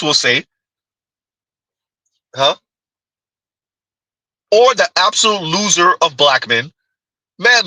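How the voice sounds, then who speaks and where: Hosting a casual stream, a man reacts to clips with mocking giggles. His high, very bright voice has a husky edge, and the recording is dry, close, and rough.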